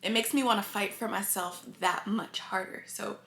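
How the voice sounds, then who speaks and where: A woman speaks straight to her viewers in a confiding, heartfelt way, emotion close to the surface. Her voice sits at an ordinary middle pitch. The room around her rings with noticeable echo. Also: steady tone, moderate pace, vocal fry, sharp tone. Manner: earnest and confiding, addresses viewers often. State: emotional, near tears. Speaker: vlogger. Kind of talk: casual talk to camera. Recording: echoey room.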